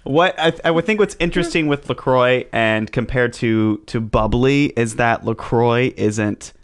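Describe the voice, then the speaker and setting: A man's voice: mid-range voice, a little slow, smooth. A man co-hosting a casual chat, who swears freely and laughs while explaining at length.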